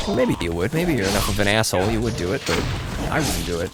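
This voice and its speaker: A man's voice: big pitch swings, fast talker, loud music behind the voice. A young man streaming a game, chatting casually, reading viewer comments aloud and swearing at the action. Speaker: gaming streamer. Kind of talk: casual live-stream chat while playing. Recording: noisy low-quality stream audio.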